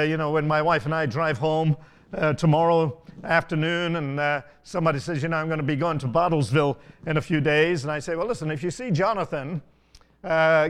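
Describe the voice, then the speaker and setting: An older man preaching a sermon, telling stories in an unhurried way with frequent asides. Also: a little high, smooth. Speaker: pastor.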